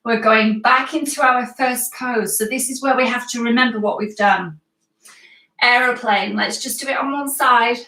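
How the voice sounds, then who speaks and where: A woman's voice: a little high, steady tone, normal speed, pushed and bright, far from the mic. A British woman teaching yoga to children, giving playful, encouraging step-by-step instructions. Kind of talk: guiding a children's yoga class live. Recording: echoey room, voice from away from the mic.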